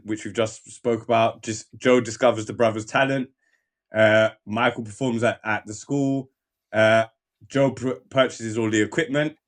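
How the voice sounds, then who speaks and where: A young man hosting a podcast, chatting casually and acting out lines from scenes as he retells them. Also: mid-range voice. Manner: animated storyteller, acts out quoted lines. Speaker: podcast host. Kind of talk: casual chat.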